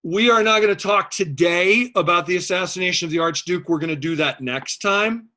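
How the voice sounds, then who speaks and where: A man's voice: high voice, brisk, sharp tone. A man teaching a casual history class, chatty, making joking asides and using plenty of fillers.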